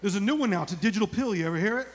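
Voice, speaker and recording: A man in his forties doing a live stand-up routine, acting out characters in high put-on voices. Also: expressive, very fast, in a large hall, slight background noise. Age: 40s. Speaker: stand-up comedian. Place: outdoor comedy club stage.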